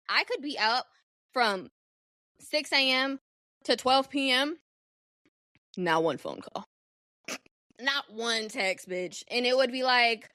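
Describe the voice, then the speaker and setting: Candid young woman podcaster, higher voice. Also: moderate pace, no echo, studio quality. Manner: candid, profane, animated. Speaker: podcast host. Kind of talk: casual solo podcast storytelling.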